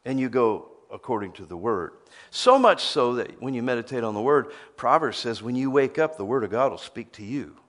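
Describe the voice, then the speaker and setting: A man's voice: medium pitch, lively intonation, normal speed, few pauses. A man preaching a sermon, emphatic, often repeating words as he starts a phrase.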